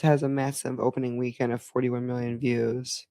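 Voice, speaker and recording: A woman's voice: rumbling low, level tone, normal speed, dark tone, no echo. Woman, podcast co-host, mock-outraged rant, swearing, dry room. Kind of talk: casual chat.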